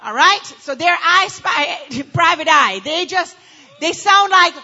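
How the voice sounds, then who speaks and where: A woman pastor teaching a church audience about marriage, animated and acting out how people complain. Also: very high-pitched, slow pace, lo-fi sound.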